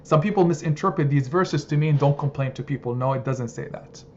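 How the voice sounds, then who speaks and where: Expressive male religious teacher. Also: fairly quick. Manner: expressive, builds to emphatic high points. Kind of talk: sermon-style study circle talk. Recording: slightly dull sound, faint background noise.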